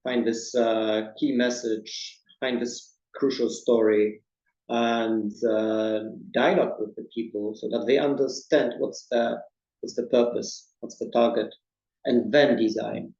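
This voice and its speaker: A man's voice: mid-range voice, level tone, measured pace, a little mellow. A man answering audience questions in a webinar, thoughtful and restarting his words, recorded in a roomy space with dull sound. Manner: thoughtful, repeats words at starts. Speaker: presentation designer.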